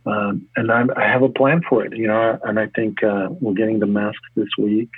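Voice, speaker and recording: A man's voice: fairly low pitch, husky, dry recording. A man who coaches fitness and runs a gym, talking casually and energetically in an interview, often restarting his sentences. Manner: energetic, talks in quick restarts. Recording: tinny phone-like line.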